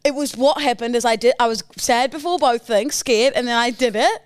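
A woman's voice: a little high, fairly quick, no echo, studio quality. Playful woman co-hosting a podcast. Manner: playful, mock-indignant teasing. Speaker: podcast co-host. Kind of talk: casual banter.

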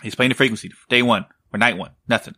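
A man's voice: medium pitch, fast, bright, forceful tone, slightly rough, no echo. A man co-hosting a podcast who tells a story in a rambling, casual way, swearing often and checking in with "right?". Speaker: podcast co-host.

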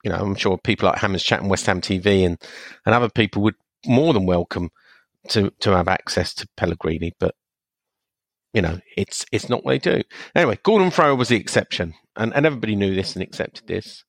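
A man co-hosting a casual podcast, explaining his view in a measured way with frequent restarts. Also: on the low side, expressive, no echo. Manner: measured, hesitant, many restarts and fillers. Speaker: podcast co-host. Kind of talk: casual chat.

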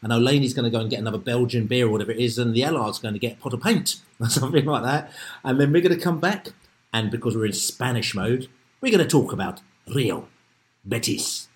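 Bloke hosting a footy podcast, talks super fast, excitable, rambles all over. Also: male voice, medium pitch, a little hiss or hum. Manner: excitable, rambling, repeats "like I said to you". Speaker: podcast host. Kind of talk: casual podcast chat. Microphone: remote call.

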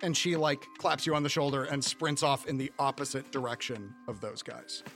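A man's voice: mid-range voice, fairly even intonation, moderate pace, fairly bright tone, faint music behind. A man narrating a tabletop game as game master, in a loose, rambling way full of fillers.

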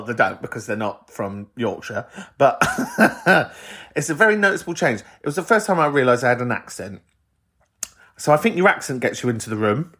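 A man with a London accent, hosting a podcast and chatting warmly through listener voicemails, laughing often. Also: medium pitch, husky. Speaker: podcast host.

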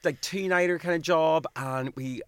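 A man co-hosting a podcast, telling travel stories in an animated, playful way. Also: fairly high pitch, moderate pace, smooth, dry recording. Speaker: podcast co-host. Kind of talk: casual chat.

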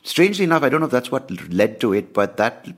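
A man hosting a podcast, telling a personal story in a candid, animated way with plenty of swearing. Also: mid-range voice, fast. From India. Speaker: podcast host. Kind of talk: casual ranting monologue.

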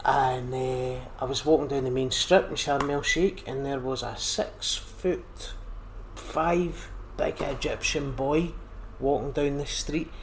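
A Scottish man in casual chat, telling lively stories and slipping into quoted voices as he goes. His pitch sits mid-range, and a faint hiss of noise hangs behind him. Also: takes it slowly, creaky. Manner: animated, repeats phrases, acts out quotes. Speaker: podcast guest, comedian.

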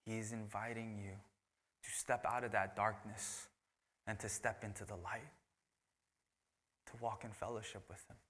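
A man, a pastor preaching a sermon, who moves between loud, emphatic lines and hushed, whispered ones. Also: fairly low pitch, flat delivery, normal speed, long pauses. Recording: long hall reverb.

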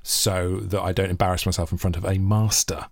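A man's voice: low-pitched, level tone, fairly quick, gravelly, no echo, clean studio sound. A man co-hosting a podcast in casual chat, jokey and rambling. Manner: jokey, rambling, slips into silly voices. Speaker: podcast co-host.

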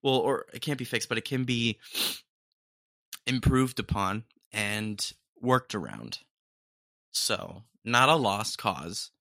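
Female podcast host, playful reactor, bright and dry close sound. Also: extremely low pitch, expressive, slow, dry recording. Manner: playful, reacting with laughs and "dude". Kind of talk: casual commentary on clips.

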